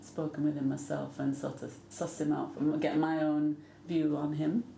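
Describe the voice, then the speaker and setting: A woman's voice: low-pitched, flat delivery, moderate pace, creaky, mellow, roomy sound, a little hiss or hum. A woman with a mixed English and Jamaican accent, chatting as an interview guest and telling stories. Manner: chatty, anecdotal, laughs often. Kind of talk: casual interview.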